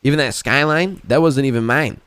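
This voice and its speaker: A man's voice: medium pitch, brisk, fairly bright tone, smooth, no room sound. A man talking in character during a roleplay game, rambling and swearing, padding his lines with "you know what I mean.". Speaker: roleplay gamer.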